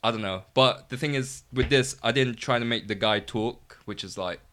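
A man reading his script aloud nervously, with many halting restarts, then chatting casually about it. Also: mid-range voice, bright, forceful tone.

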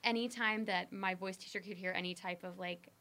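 A young woman and trained singer chatting as a guest, talking with vocal fry. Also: medium pitch, fairly even intonation, brisk, pushed and bright. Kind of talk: casual chat.

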